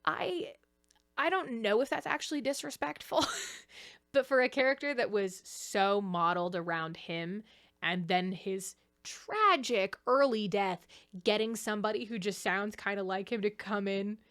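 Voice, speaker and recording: Young woman, video essay host, casual commentary, animated, laughs a lot, mid-pitched voice. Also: unhurried. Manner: chatty and animated, laughs often.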